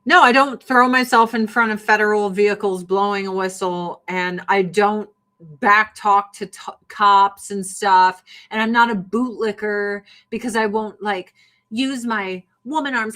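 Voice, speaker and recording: A woman's voice: mid-range voice, fairly even intonation, measured pace, sharp tone. A woman in a casual political rant, blunt, sarcastic and often profane. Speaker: livestream host.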